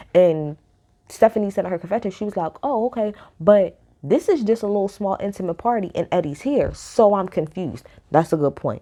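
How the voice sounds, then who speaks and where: A woman talks through a reality show episode, blunt and opinionated, cursing easily. Her voice sits a little low and has a mellow, relaxed tone. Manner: blunt, animated, swears freely. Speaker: reality TV recap host. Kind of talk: casual opinionated recap.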